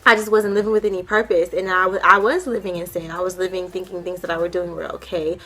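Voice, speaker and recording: A woman's voice: on the low side, level tone, quick pace, bright, forceful tone, soft background music. A young woman giving an emotional personal testimony, earnest and heartfelt, with many casual fillers. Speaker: vlogger sharing her testimony.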